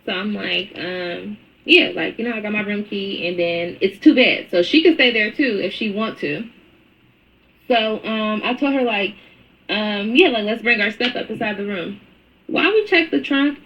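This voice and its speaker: A woman telling a story in casual storytime style, blunt and profane, acting out what people said. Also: mid-range voice. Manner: blunt, profane, animated retelling. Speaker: storyteller in a played clip. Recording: dull lo-fi clip with faint noise.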